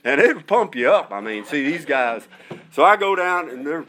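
A man's voice: a little high, unhurried. A middle-aged man, a director of prison chaplains, telling a story in a folksy, conversational way and acting out the voices of the people he quotes. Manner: animated, acts out quoted voices. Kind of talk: storytelling testimony.

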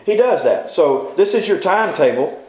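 A man's voice: sits high, very animated, moderate pace, darkish tone. A man teaching a Bible class, folksy and informal, quizzing his listeners with repeated questions. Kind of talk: interactive Bible class lecture. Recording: very echoey room.

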